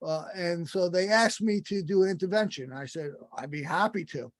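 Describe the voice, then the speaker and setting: High-voiced man hosting, dry sound. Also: dry recording. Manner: halting, with many fillers and restarts. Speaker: podcast host. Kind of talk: interview over a video call. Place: video call.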